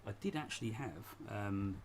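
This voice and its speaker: A man's voice: fairly low pitch, expressive, moderate pace, a little hiss or hum. A man hosting a casual live stream from his shed, rambling and chatty, often laughing as he talks. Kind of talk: casual chat. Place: home shed.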